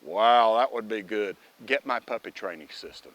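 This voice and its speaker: A man's voice: lowish voice, normal speed, a bit bright, dull audio. Folksy man training his dog. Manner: folksy, talks directly to his dog while teaching. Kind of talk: casual instructional video.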